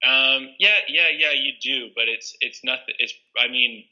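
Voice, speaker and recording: A man from Western Canada, a guest in a casual interview, speaking in a halting, hesitant way. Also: mid-range voice, bright, forceful tone, low-quality recording. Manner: hesitant, halting, restarts often.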